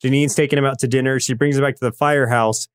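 A man co-hosting a podcast, walking through a plot in a relaxed, explanatory way. His voice sits in an ordinary middle register. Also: mid-range voice, quick pace, clear, resonant tone. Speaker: podcast co-host. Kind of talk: casual chat.

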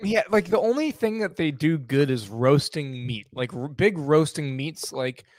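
A man's voice: fairly high pitch, animated, a little slow, darkish tone, dry recording. A young man co-hosting a podcast, chatting casually, laughing often and swearing freely. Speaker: podcast co-host. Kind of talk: casual chat.

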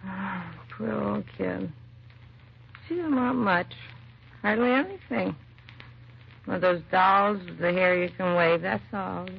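A woman's voice: medium pitch, slow pace, vocal fry, long pauses, slight background noise. An actress playing a drunk, grieving young mother in her late twenties, weary and slurring, in an old radio crime drama. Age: late 20s. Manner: slurred, weary, self-accusing. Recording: dull lo-fi old radio recording.

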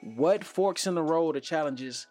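A man's voice: a little high, measured pace, faint music behind. A young man hosting a casual podcast chat, telling stories in slang and acting out the quotes he tells. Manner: animated, acts out quotes, slangy. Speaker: podcast host.

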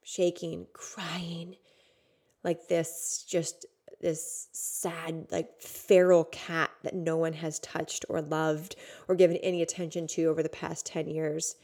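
A woman in her thirties speaks a personal monologue for her podcast. Her voice sits a little low. She tells it in an intimate, unpolished way, full of "like," and drops to a hush before rising loud again. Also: level tone, unhurried. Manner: raw, intimate, with frequent "like" and sudden swings from hushed to loud. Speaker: podcast host.

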